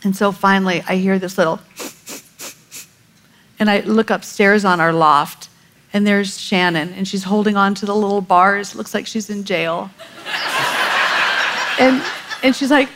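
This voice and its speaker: A middle-aged woman telling a parenting story in casual chat, animated and laughing often as she acts out quotes. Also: medium pitch, measured pace, pauses often, slight background noise, low-quality recording.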